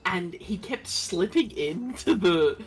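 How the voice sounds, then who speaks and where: A man's voice: sits high, lively intonation, slow pace, soft background music. A young man chatting casually on a game stream, rambling with many fillers. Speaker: co-player guest on a game stream. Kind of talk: casual gaming chat.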